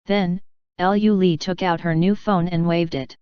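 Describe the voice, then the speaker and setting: A woman with a smooth, very clear voice, pitched a little low, reads an audiobook in a steady, even way. The sound is close and dry, with a slightly dull, muffled tone. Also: measured pace, no echo. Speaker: audiobook narrator. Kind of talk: scripted narration.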